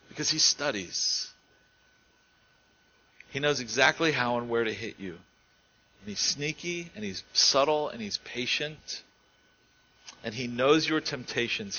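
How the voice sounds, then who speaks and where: A man preaching a sermon in an earnest way, rising to emphatic stretches and dropping to quiet ones. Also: medium pitch, dull audio.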